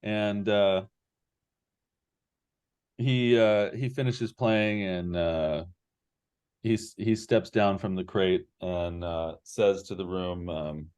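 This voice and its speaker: A man's voice: low voice, fairly even intonation, slow pace, long pauses, darkish tone, smooth. A man narrating as game master in a tabletop game, meandering and full of fillers.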